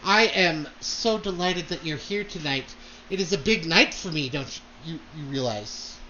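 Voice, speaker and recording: A man's voice: fairly high pitch, animated, normal speed, sharp tone, a little hiss or hum. A man voicing Lady Dahlia, a haughty noble mother who gossips and complains about her ambitious daughter, on a dull lo-fi recording. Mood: gracious.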